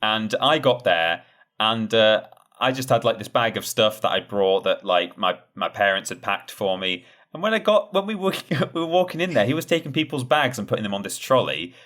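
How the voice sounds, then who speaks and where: A young man with a fairly low voice tells stories during a casual podcast chat. His delivery is lively, and his pitch climbs when he gets excited. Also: normal speed. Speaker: podcast co-host.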